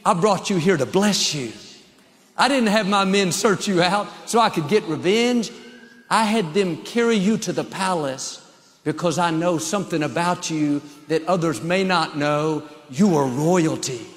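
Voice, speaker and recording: A man's voice: high voice, unhurried, big-room sound. A man voicing a generous, reassuring king while retelling a story in a sermon.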